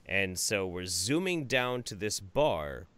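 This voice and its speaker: A man hosting a podcast, telling a story in casual chat and acting out loud quotes with animated energy. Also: sits low, takes it slowly, clean tone. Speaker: podcast host.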